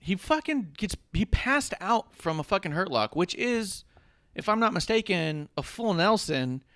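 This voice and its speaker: A man sits at his podcast mic, bantering loosely and cursing freely as he rambles through jokes. His voice sits a little higher than most men's. The sound is dry and close, with no room in it. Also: very animated, a little slow, a bit bright, dry recording. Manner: profane, joking, rambling banter. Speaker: podcast co-host. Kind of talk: casual wrestling podcast chat. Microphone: podcast microphone.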